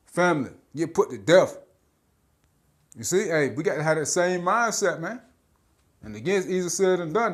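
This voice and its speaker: A man preaching in a loose, street-style monologue, with a voice that sits a little high. His delivery is blunt and profane, broken by stammered filler sounds, and he keeps checking in with "all right?" and "man.".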